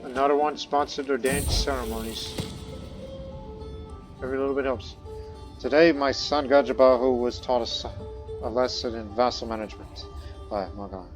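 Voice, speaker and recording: A man's voice: medium pitch, fairly even intonation, moderate pace, long pauses. Man narrating a strategy game playthrough. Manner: reads event text aloud in first person, then muses. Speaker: gameplay commentator. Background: faint background music.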